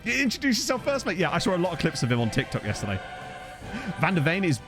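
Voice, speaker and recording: Lively chatty man streaming. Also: fairly high pitch, quick pace, over music. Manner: chatty and rambling, reacting to chat. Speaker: gaming streamer. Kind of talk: casual live-stream commentary. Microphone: desktop USB microphone.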